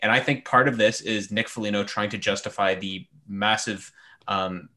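A man's voice: fairly low pitch, steady tone, moderate pace, bright, forceful tone. A man giving blunt, emphatic opinions on a casual sports discussion panel, with frequent fillers. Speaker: hockey podcast panelist.

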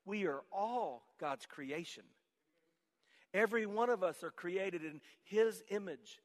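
A male pastor preaching a sermon, dropping to a hush and then rising to shouts, calling on the congregation to repeat his words. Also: sits high, takes it slowly, long reverb tail. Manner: swings from hushed to shouted emphasis; leads call-and-response with congregation. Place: church sanctuary.

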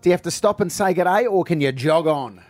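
A man's voice: a little high, a little fast, a little mellow, no echo. An Australian man co-hosting breakfast radio, joking and laughing as he chats. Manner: playful, laughs often. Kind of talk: casual radio banter.

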